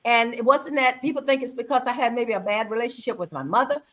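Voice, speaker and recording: A woman in her sixties telling a personal story in a conversational talk, acting out quoted dialogue with lively, expressive delivery. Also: fairly high pitch, fast. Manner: animated, acts out quoted dialogue with her own voice. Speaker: guest speaker on faith and mother-daughter bonding.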